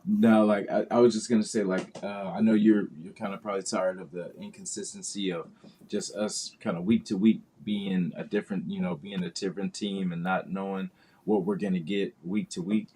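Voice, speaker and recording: A man's voice: low voice, little pitch movement, brisk, mellow, a little hiss or hum. A man hosting a casual football podcast, talking in a rambling way with many fillers and restarts. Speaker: podcast host.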